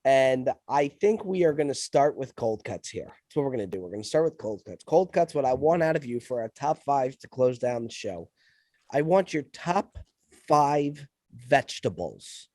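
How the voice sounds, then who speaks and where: A man's voice: mid-range voice, animated, moderate pace, dark tone, dry recording, studio quality. A man hosting a podcast while feverish, emphatic and repeating his phrases in casual chat. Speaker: podcast host.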